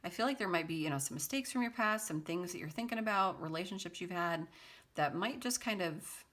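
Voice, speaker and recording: A woman's voice: lowish voice, lively intonation, a little fast, fairly bright tone. A woman giving a casual tarot reading to her viewers, chatty and laughing easily, with a sarcastic sense of humor and lots of loose fillers. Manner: loose speech with many fillers. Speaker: tarot card reader.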